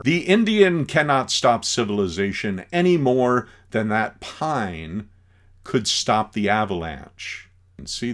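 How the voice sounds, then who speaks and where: A male teacher giving a classroom lecture, animated and acting out scenes as he retells them. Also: fairly low pitch.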